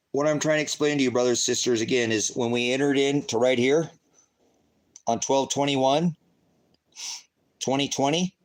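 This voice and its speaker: A middle-aged man talks over a screen share like a self-made online preacher. His delivery wanders, circles back with rhetorical questions and flares into cussing, all in a plain mid-pitched voice. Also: low-quality recording. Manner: rambling, rhetorical questions, profane outbursts. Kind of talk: casual livestream commentary.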